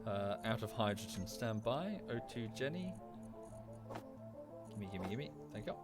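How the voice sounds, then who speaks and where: A man's voice: on the low side, big pitch swings, a little slow, over music. A man with an Estuary English accent chatting casually while streaming a game, rambling and thanking viewers as he goes. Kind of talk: casual gameplay commentary.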